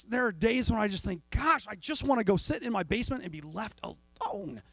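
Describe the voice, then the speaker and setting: High-voiced joking pastor, dry sound. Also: male voice, dry recording. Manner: jokey, acts out voices of people and God. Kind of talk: casual conversational sermon.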